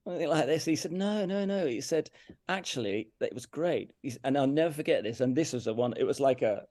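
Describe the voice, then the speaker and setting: A man's voice: medium pitch, fast, a little mellow, no room sound. A middle-aged man from England, a brass teacher talking candidly as an interview guest, earnest and emphatic, often repeating himself and turning self-critical. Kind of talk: candid conversational storytelling. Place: farmhouse room.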